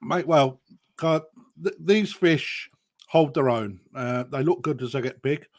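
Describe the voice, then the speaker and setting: A man hosting a live fish auction, chatting casually, bursting loud and then dropping to quiet asides. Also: a little high, measured pace. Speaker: auction host.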